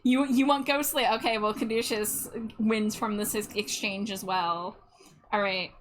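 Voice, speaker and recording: A woman's voice: mid-range voice, fairly even intonation, measured pace, a little hiss or hum. A woman streaming while she draws, chatting casually and a bit self-deprecating, often repeating her words. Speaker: art streamer.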